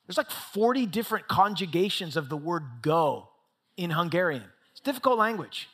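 A middle-aged man preaching a conversational sermon, telling stories and growing excitable as he talks. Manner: conversational storytelling, excitable with rising pitch. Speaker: pastor.

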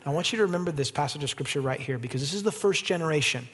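A man preaching an evening sermon as pastor, animated and rising to emphatic peaks, then leading a closing prayer. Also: a little high, rapid-fire, slightly rough. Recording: long hall reverb.

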